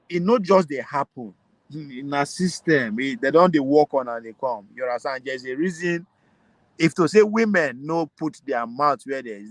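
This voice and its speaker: A man with a Nigerian accent talking politics in a casual way, animated and laughing often, mixing Pidgin and English. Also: on the high side, no room sound. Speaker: political commentator.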